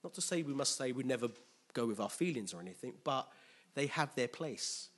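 A man preaching a sermon with animated, emphatic delivery and call-and-response. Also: medium pitch, brisk.

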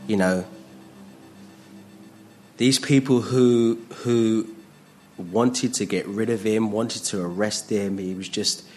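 A man preaching a sermon in a jokey, animated way, acting out voices with big jumps in pitch. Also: slow pace, long pauses, faint music behind.

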